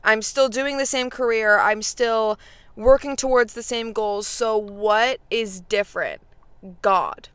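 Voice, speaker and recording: A woman's voice: on the high side, fairly even intonation, slow pace, fairly bright tone, smooth, dry recording. A woman in her twenties, talking casually and directly to her viewers as a faith vlogger, full of fillers. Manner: chatty, frequent fillers, talks straight to viewers. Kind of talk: casual chat.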